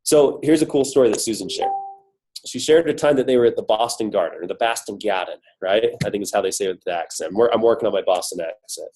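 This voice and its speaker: A man's voice: on the low side, quick pace, dark tone, slight background noise, low-quality recording. A man with a cold giving an upbeat, emphatic motivational talk on a team coaching call, full of rhetorical questions. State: has a cold, voice worn. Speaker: corporate guest speaker on a team call.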